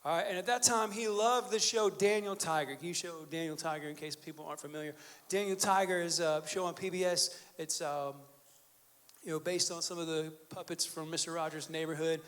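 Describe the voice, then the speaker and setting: Chatty high-voiced man preaching. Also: fairly even intonation, brisk, fairly bright tone. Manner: conversational, joking storytelling with fillers. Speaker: pastor. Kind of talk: sermon. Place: church sanctuary.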